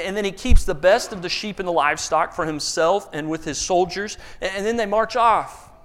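A man preaching a sermon, telling stories with lively emphasis and frequent word repeats. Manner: animated storyteller, rises loud and high for emphasis, repeats words. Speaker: pastor.

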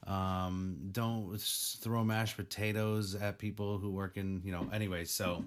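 A man's voice: on the low side, unhurried, clear, resonant tone. A man co-hosting a casual podcast, teasing his co-host and joking around. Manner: teasing, expressive. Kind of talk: casual chat.

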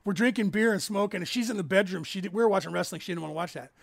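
Livestream host, fifties, male, from California; high, gravelly voice, dry close sound, rambling chatty delivery. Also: very fast, no room sound. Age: 50s. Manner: rambling storyteller, acts out others' lines in raised voices. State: raspy from COPD. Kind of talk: casual livestream chat.

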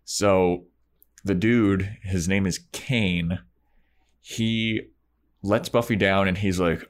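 A man's voice: deep voice, steady tone, slow pace, long pauses. A man co-hosting a podcast, casually recapping a TV episode and acting out the characters' lines. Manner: laid-back, acts out lines from the episode. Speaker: podcast co-host.

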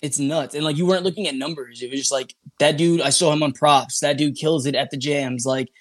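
A man telling a story as a podcast guest, casual and animated, swearing freely and acting out what people said. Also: fairly high pitch, brisk, dry recording, clean studio sound. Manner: animated, swears freely, acts out quoted talk.

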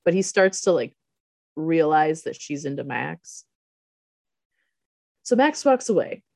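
A woman's voice: low voice, big pitch swings, slow pace, vocal fry, darkish tone, no echo. Laughing woman recapping a movie. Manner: laughs often, acts out quoted lines. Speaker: podcast co-host recapping a movie. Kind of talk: casual chat.

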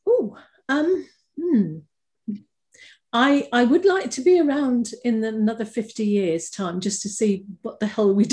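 An older woman, a guest in a casual interview, chatting through fond stories with restarts and bursts of laughter. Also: fairly high pitch. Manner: chatty, warm-hearted anecdotes with frequent restarts and laughter. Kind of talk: casual conversational storytelling.

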